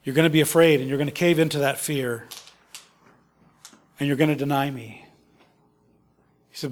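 A man preaching a sermon, swinging between impassioned rises and hushed, quiet moments. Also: medium pitch, fairly even intonation, normal speed, long pauses. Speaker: pastor.

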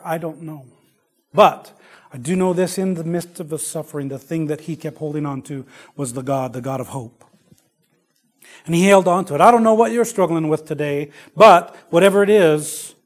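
Dynamic preacher with a fairly high voice. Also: male voice, husky. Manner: dynamic, swings between loud exclamations and hushed asides; conversational storytelling with fillers. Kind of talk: sermon.

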